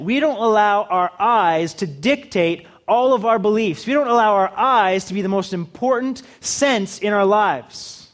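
A man's voice: high voice, unhurried. A man preaching a sermon in a humorous, conversational way, acting out little dialogues with the audience. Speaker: pastor.

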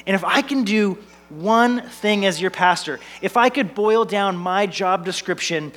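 A man in his thirties preaching from the pulpit with a notably high-pitched voice. He builds his points through repeated phrases and lightens the message with family anecdotes, staying earnest throughout. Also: measured pace, fairly bright tone. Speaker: pastor. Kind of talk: sermon.

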